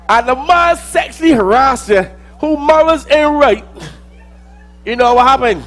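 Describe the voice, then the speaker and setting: High-voiced Barbadian man performing a monologue. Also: expressive, unhurried, soft background music. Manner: theatrical, swings between loud outbursts and low mutters. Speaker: spoken-word performer. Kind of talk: dramatic spoken-word monologue.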